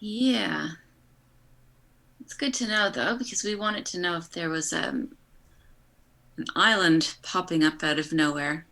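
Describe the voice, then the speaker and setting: A woman's voice: lowish voice, a little slow, gravelly, long pauses, bright, forceful tone. A woman playing a tabletop game in character, improvising her answers tentatively. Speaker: player.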